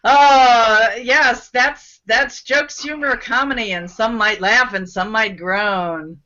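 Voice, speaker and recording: A cheerful woman leads a live laughter yoga session on a video call, her slightly high, bright voice coaching, cheering and breaking into laughs. She talks slowly and encouragingly. The sound is dull and lo-fi, like a streamed call. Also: fairly even intonation. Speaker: host leading laughter yoga. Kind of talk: live online group session.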